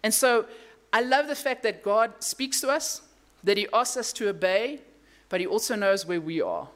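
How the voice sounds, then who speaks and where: Pastor preaching, mid pitch, jumps up on big words then goes soft and low, chatty asides. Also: moderate pace. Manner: animated storytelling with emphatic rises and hushed drops; casual asides and self-corrections. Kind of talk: sermon.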